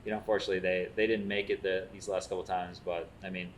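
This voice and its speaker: A man's voice: deep voice, fast talker, slight background noise. A man, hosting a food show and telling stories in casual chat, acting out the quotes as he goes. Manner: animated storyteller, acts out quotes.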